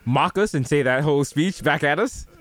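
A man's voice: fairly high pitch, moderate pace, a bit bright. A man co-hosting a podcast, joking in loose slangy chat and laughing often. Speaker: podcast co-host. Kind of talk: casual comedic chat.

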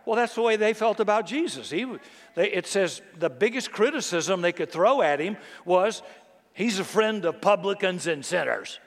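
Animated preacher man in a reverberant hall. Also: sits high, moderate pace. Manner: animated, conversational preaching with humor. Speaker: pastor. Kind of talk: sermon. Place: large church hall.

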